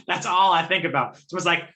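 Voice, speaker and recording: Joking bright-voiced man chatting about films. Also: high voice. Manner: jokey, laughs often, acts out quotes. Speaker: film review show host. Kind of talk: casual film review chat.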